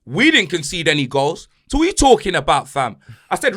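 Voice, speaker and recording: Animated man ranting. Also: fairly high pitch, a little fast. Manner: loud, boastful, mocking, heavy slang. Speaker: podcast host. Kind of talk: animated football banter.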